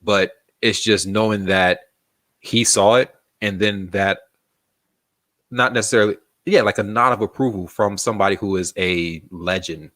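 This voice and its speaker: Deep-voiced man telling a story. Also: normal speed, fairly bright tone, dry recording. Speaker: magazine founder, guest. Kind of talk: casual storytelling interview.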